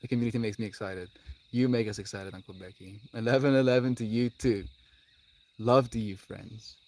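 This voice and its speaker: A man streaming live to his viewers, talking in a dreamy, heartfelt way with laughs and sighs, long pauses and phrases that trail off quietly. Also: lowish voice, fairly even intonation. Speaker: livestreamer. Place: outdoors with birds audible.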